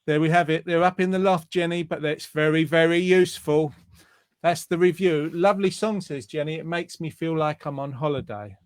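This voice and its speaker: A talkative male host leans into a video call, reading out viewers' comments and chatting between them. His voice sits a little high. The sound is dry and close, with no room around it. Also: fairly even intonation, moderate pace, clean tone, no room sound. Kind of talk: casual online show chat.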